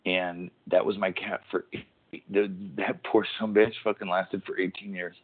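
A man's voice: deep voice, flat delivery, measured pace. A man in his forties hosting a casual podcast, telling rambling, profane, joking stories over a tinny phone-like line. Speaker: podcast host, former wrestler.

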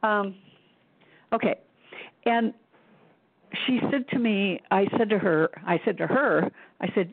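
A woman's voice: medium pitch, steady tone, a little slow, long pauses, husky, no echo. A woman, a psychic medium guest, recounts a personal experience in casual storytelling, acting out quoted dialogue between fillers. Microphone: phone. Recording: tinny dry phone line.

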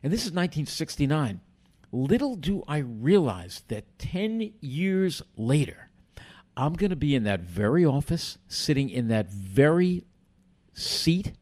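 An older man, a guest telling animated stories from his past and acting out other people's lines. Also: mid-range voice. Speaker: interview guest. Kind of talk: storytelling in a podcast interview.

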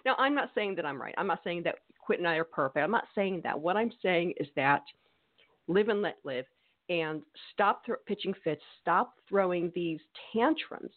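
A woman's voice: fairly low pitch, animated, moderate pace. Woman podcast co-host, emphatic and scolding, opinionated casual chat, narrow phone-like sound. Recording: tinny phone-like audio.

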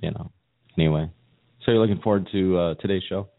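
A man's voice: deep voice, fast, narrow, tinny audio. A middle-aged man hosting a podcast in casual chat, fighting a cold and joking at his own expense. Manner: joking, self-mocking. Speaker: podcast host.

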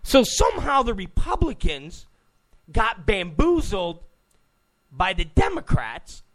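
A man's voice: high voice, huge pitch swings, slow pace, a bit bright. A man hosting a political talk show, giving an opinionated monologue, emphatic, repeating phrases and stammering on restarts.

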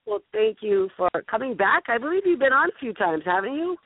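A woman's voice: a little high, sing-song, fairly quick, breathy edge, dry recording. Woman host, gushy chatty delivery, stumbles and restarts, thin phone-line sound, dry. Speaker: show host. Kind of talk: casual live call-in show chat.

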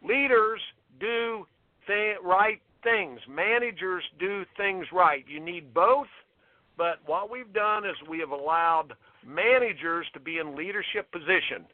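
Indignant man, high voice, emphatic, tinny phone line. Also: animated, measured pace, no echo. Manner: emphatic, indignant, repeats himself. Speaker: tennis coach guest. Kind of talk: impassioned interview talk.

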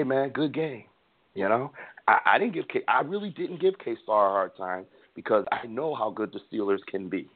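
A podcast host runs a casual sports talk show, speaking in an animated, opinionated way and often repeating words before finishing a thought. His voice is on the low side, gravelly and heavy with vocal fry. The sound is thin, like a tinny phone line.

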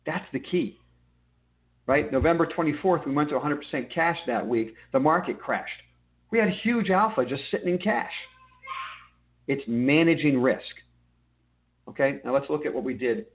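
A man's voice: a little high, animated, moderate pace, pauses often. Emphatic man teaching trading, phone-like audio. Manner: emphatic, checks in with "okay?". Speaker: trading desk host. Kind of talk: market commentary lesson.

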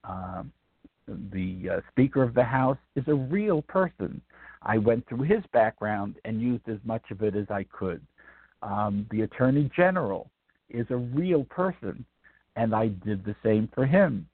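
A man's voice: mid-range voice, breathy edge, no room sound. A man in his eighties from Brooklyn, an author answering interview questions in a rambling, reflective way with many ums and restarts. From Brooklyn, New York. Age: 80s. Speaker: author guest. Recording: tinny dry phone line.

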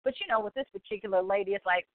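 A woman in her forties hosting a show, chatting casually in an excitable, gushing way full of exclamations. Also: mid-range voice, racing, no echo. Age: 40s. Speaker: podcast host. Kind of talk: casual chat. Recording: tinny phone-like line, dry.

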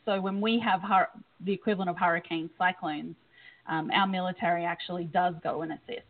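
A woman's voice: fairly low pitch, fairly even intonation, a little fast. Aussie lady chatting on a podcast, lots of ums, tinny phone-ish sound. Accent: Australian. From Australia. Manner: chatty, laughs easily, many ums. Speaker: guest. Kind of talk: casual chat.

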